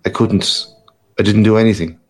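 A man's voice: fairly low pitch, fairly even intonation, normal speed, lightly acted. Man voicing a stammering timid clerk. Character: timid young clerk, flustered husband. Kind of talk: audiobook reading.

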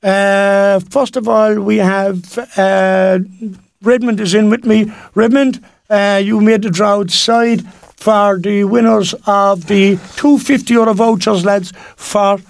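A man's voice: high voice, fairly even intonation, takes it slowly, vocal fry, no echo. An Irish man presenting local radio, reading out listener texts in a chatty, rambling, homely way at a studio mic. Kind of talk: local radio shout-outs.

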